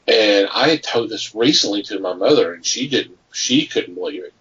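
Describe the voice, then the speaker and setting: A man co-hosting a podcast, telling rambling stories in casual chat and getting animated at the punchlines. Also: on the low side, normal speed, breathy edge, far from the mic. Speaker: podcast co-host. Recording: muffled, from off the mic.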